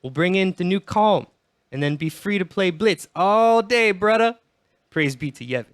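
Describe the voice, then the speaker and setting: A man's voice: high-pitched, animated, moderate pace, pitched above the performer's own voice. Man putting on a zealous preaching islander. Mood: preachy. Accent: mock Caribbean put-on. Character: zealous young male islander preaching his faith.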